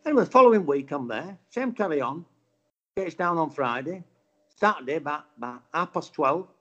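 A man's voice: fairly high pitch, moderate pace. A man in his fifties from Bradford with a West Yorkshire accent, telling a casual story and acting out the voices, with a bit of swearing. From Bradford, England. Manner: animated, acts out quotes, swears. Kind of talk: casual anecdote. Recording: dull lo-fi sound.

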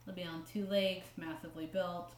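A woman's voice: lowish voice, level tone, normal speed, reverberant. A woman co-hosting a casual podcast, reading quotes aloud with joking asides and frequent laughs. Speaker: podcast co-host.

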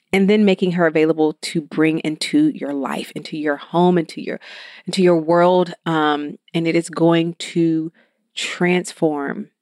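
A woman's voice: on the low side, dry recording, studio quality. Upbeat woman hosting a podcast. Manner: upbeat, energetic and chatty. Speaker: podcast host. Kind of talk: solo business podcast talk.

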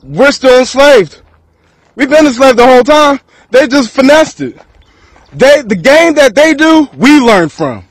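High-voiced man ranting freely. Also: lively intonation, a little slow, no echo, low-quality recording. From Texas. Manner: rambling, profane, laughs between thoughts. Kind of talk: freestyle rant to camera.

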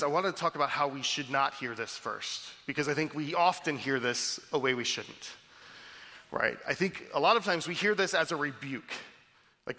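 A man preaching a sermon in a conversational, animated way, often restarting his words. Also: on the high side. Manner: conversational, animated, with frequent repeated starts. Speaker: pastor. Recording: reverberant hall.

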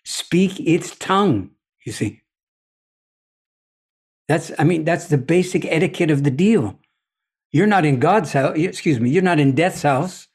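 Male guest with a measured, reflective delivery and a somewhat raised pitch; a thoughtful storyteller. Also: expressive, a little mellow, breathy edge. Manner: deliberate, philosophical, often asks "you see?". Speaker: podcast guest.

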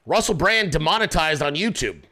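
Brash male commentary host, swearing rant, lively swooping delivery, bright forceful tone. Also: on the high side, moderate pace. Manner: profane, confrontational ranting; mocks people with quoted voices.

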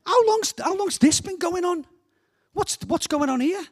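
A man with a Liverpool accent voicing a passionate young shepherd boy in a very high, squeaky voice. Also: expressive, measured pace, full character voice. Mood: indignant.

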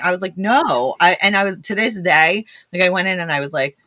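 A woman's voice: fairly low pitch, a little fast, pushed and bright, no room sound. A young woman, a rescue founder, telling stories casually with lots of laughter and quoted dialogue. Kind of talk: casual storytelling.

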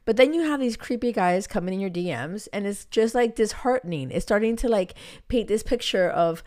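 A young adult woman hosting a casual solo podcast as a dating coach. She gives frank, encouraging advice in a chatty, animated way, full of "like" and fillers. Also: medium pitch, brisk. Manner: chatty and animated, heavy use of "like" and filler words.

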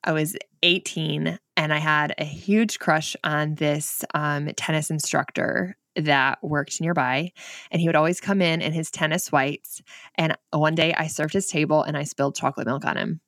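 A low-voiced woman with a northern Michigan accent, chatting as a podcast guest. She is bubbly and laughs often. The sound is dry and close. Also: fairly even intonation, moderate pace, fairly bright tone, no echo. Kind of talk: casual interview chat.

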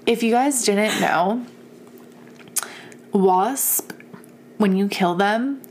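A young woman telling a story in casual chat, animated and profane, laughing often. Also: mid-range voice, extremely slow, slight background noise.

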